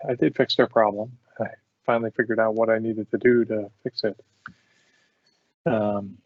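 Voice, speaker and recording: A man's voice: medium pitch, creaky, dry recording. A man hosting a podcast, telling work stories casually and often breaking into laughter. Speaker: podcast host. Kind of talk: casual storytelling. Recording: dull dry lo-fi sound.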